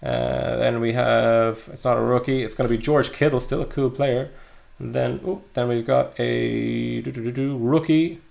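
This young man's voice is medium-pitched, gravelly, and a little mellow, holding a steady tone at a normal speed with few pauses. As a card breaker opening trading card packs live, he chats upbeatly and fills gaps with frequent ums and uhs.

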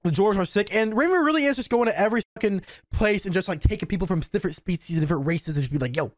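A man hosting an anime reaction, talking casually and excitably, swearing and yelling at the screen. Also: sits high, racing, no echo. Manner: excitable, profane, yells at the screen.

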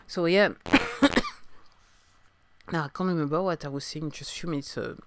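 Speaking fast in a low, smooth voice with fairly even intonation, this woman from France has a French accent, and the recording is dry. She's a podcast host and singer-songwriter on a casual solo show, coughing as she recovers from a sore throat and hesitating with many fillers and restarts.

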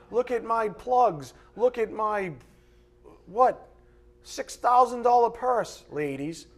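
A boastful self-made rich man with a mock New York accent, bragging about everything he owns, as a preacher puts him on from the pulpit. His voice rides noticeably higher than a plain man's and turns smug and showy. It has the mocking edge of a sermon caricature. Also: slightly rough. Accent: put-on New York. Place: church sanctuary, live from the pulpit.

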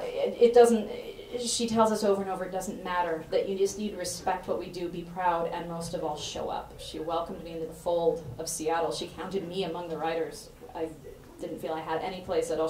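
A woman's voice: lowish voice, flat delivery, brisk, few pauses, slight background noise. Effusive woman giving an introduction speech. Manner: effusive, chatty, laughs often. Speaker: speaker introducing an author at a bookstore event. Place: bookstore event room with an audience. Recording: roomy hall, voice picked up from a distance, faint ambience.

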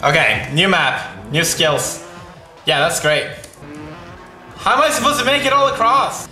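A young Swedish man with a Swedish accent, giving let's play commentary, swearing constantly and bursting into frustrated shouting. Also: on the high side, big pitch swings, a little slow. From Sweden. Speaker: gaming commentator. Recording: echoey room with loud game music.

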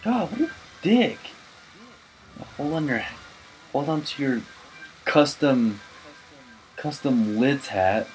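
A drunk man doing gaming commentary, cursing, shouting and laughing as he plays. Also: mid-range voice, animated, slow, pauses often, faint music behind, poor audio. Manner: profane, loud outbursts and laughing. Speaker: let's player.

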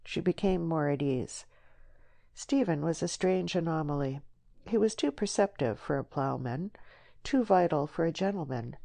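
A woman reading a novel aloud in measured, even scripted narration. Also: deep voice, creaky. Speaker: audiobook narrator.

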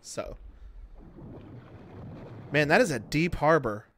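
A man's voice: on the high side, lively intonation, takes it slowly, a bit bright, slight background noise. A man streaming a game live, chatting casually and joking in a mock-boastful way, speaking close to his microphone. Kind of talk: casual gameplay chat. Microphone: close to the mic.

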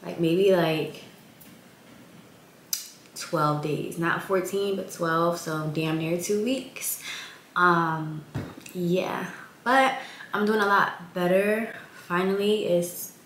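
A woman's voice: on the low side, slow, long pauses, fairly bright tone, roomy sound, slight background noise. A young woman in her twenties, chatting casually on a vlog in a rambling way with lots of fillers, sounding congested. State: congested, recovering from illness. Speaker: vlogger.

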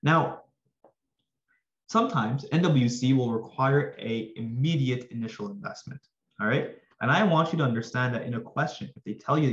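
A man walks students through a finance topic in a loose, upbeat way, tossing in slangy asides as he explains. His voice is slightly hoarse, as if he is losing it. The recording sounds roomy and a little dull. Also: mid-range voice. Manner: energetic, addresses viewers with slangy asides. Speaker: finance tutor. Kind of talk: casual exam-prep lesson.

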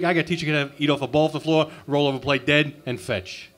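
A man's voice: a little high, fairly even intonation, fast talker, a bit bright. Crude, abrasive stand-up comic, a man. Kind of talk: insult stand-up routine. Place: comedy club open mic.

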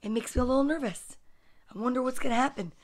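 High-voiced woman reading kids a story. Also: quick pace. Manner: expressive, playful, talks to kids. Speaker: story time reader. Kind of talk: reading a children's book aloud with asides.

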